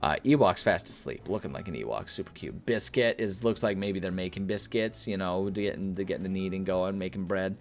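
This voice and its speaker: A man's voice: low voice, a little fast, hardly any pauses, faint music behind. A man hosting a gameplay video, chatting casually and rambling with many fillers. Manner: rambling, filler-heavy, relaxed. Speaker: gaming video host.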